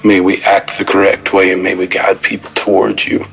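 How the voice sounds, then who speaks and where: A man's voice: low voice, completely flat delivery, moderate pace, gravelly, fairly bright tone, faint music behind, rough recording. A man calling in to pray aloud, solemn and emphatic. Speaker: caller. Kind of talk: spoken prayer.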